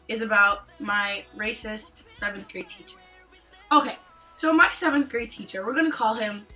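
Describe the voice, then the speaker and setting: A young woman from Canada tells school stories in a casual vlog. Her voice is bright and slightly high, and she jokes and imitates people as she goes. Faint music plays behind her. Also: rough recording. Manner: animated, joking, acts out quoted lines. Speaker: vlogger. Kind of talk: casual storytime chat.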